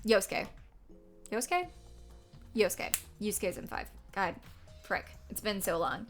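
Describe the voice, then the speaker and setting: A young woman streaming a game, chatting casually and rambling with fillers and self-corrections, often breaking into loud excited outcries. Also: mid-range voice, normal speed, soft background music.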